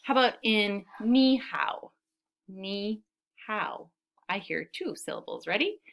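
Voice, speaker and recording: Preschool teacher lady reading a picture book, super expressive up-and-down voice, patient and encouraging. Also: medium pitch, creaky, very noisy. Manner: claps and counts syllables aloud slowly.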